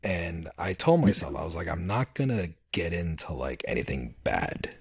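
A man hosts a podcast, chatting casually and spinning rambling stories packed with fillers and restarts. His voice sits low, creaky and slightly rough, very animated at a normal speed.

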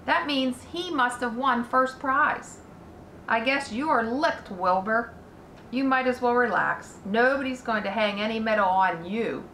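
A woman voicing a greedy, boastful male rat, gluttonous and sly, with gloating drawn-out words in a roomy echo. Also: a little high, a bit bright, slight background noise.

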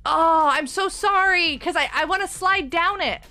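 A woman streaming a game and chatting casually with her daughter, excitable and giggly. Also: very high voice, normal speed, faint music behind. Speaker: streamer, mother of co-host. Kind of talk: casual live-stream chat while gaming.

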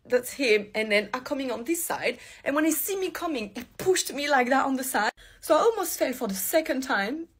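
A woman recounting a street run-in in a rambling, agitated way. Her voice sits fairly high and sounds husky and breathy. She talks like someone filming an emotional personal story. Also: expressive, brisk.

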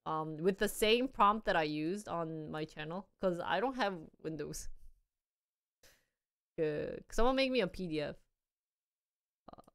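A lively young woman live streamer with a smooth, fairly low voice keeps up casual chat with her audience. She's chatty and playful, thinking aloud as she tries things out.

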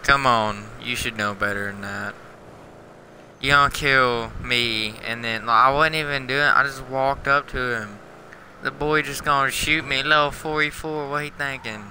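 A young man streams a game with a very bright, piercing voice, trash-talking other players in loose slang. He says he is half asleep. A faint hiss of noise sits under his voice. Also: medium pitch, unhurried, rough recording. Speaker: livestreaming gamer. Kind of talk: casual game commentary.

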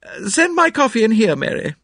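A commanding older lady of the house, her voice lifted high and clipped, as a male reader puts her on. The sound is dry and close, with no room around it. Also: big pitch swings, a little fast, a bit bright, dry recording, full character voice. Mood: brisk. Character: older imperious rich woman, brisk.

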